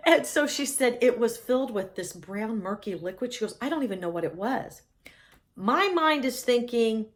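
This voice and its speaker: A woman's voice: a little high, fairly bright tone. A middle-aged woman telling a personal story with humor, laughing often.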